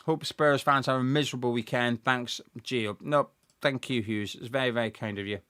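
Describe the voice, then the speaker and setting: A young man hosting a live football watch-along, chatting excitedly and reading out viewers' messages. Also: mid-range voice, normal speed, few pauses, smooth. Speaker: fan channel host.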